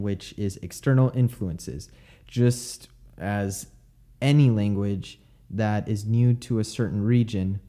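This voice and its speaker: A young man talks through speech sounds in a relaxed, unscripted way. He breaks off into "um" and "like" and says example words aloud. His voice sits low and mellow. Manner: explanatory, frequent fillers, demonstrates pronunciations. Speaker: podcast host explaining linguistics. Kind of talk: casual educational monologue.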